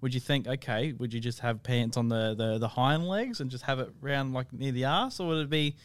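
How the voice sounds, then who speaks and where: A man's voice: medium pitch, fairly quick, dry recording. A man co-hosting a casual podcast, asking rambling questions full of "like" and "obviously". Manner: rambling, heavy with "like" and "obviously", swears. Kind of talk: casual chat.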